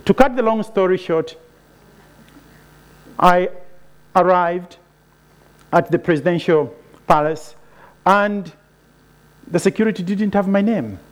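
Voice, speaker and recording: A man's voice: high-pitched, slow pace, long pauses. A man telling a personal story to listeners, acting out the lines of the people in it. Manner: animated storyteller who acts out quoted dialogue. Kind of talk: storytelling talk.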